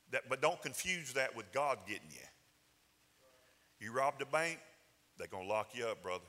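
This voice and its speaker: A man's voice: mid-range voice, pushed and bright. A man preaching a sermon in a conversational, folksy way, with rising emphatic bursts. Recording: hall reverb.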